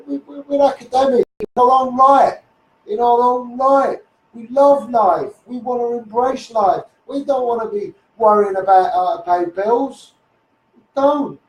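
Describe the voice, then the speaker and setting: A man's voice: very high voice, darkish tone, reverberant, distant mic, low-quality recording. A man with a Scouse accent ranting heatedly into a live stream, repeating himself and swearing often. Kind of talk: impassioned Facebook live rant.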